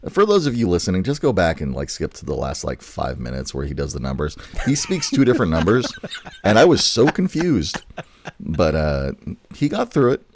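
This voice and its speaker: Low, lively man hosting a casual podcast. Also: normal speed, slight background noise. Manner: excitable, swears freely, tipsy from wine. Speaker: podcast co-host. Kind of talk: casual chat.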